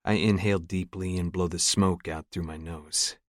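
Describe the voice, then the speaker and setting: A man reads a first-person audiobook in a deadpan, sardonic tone. His voice is very low and steady. The recording is dry and close, with no room sound. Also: moderate pace, no room sound. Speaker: audiobook narrator.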